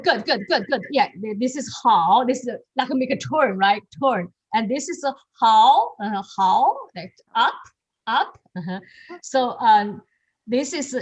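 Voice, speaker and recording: Slow, halting woman teaching on a video call. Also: medium pitch. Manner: halting, repeats words, laughs often. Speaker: Mandarin tone teacher. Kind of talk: online class instruction.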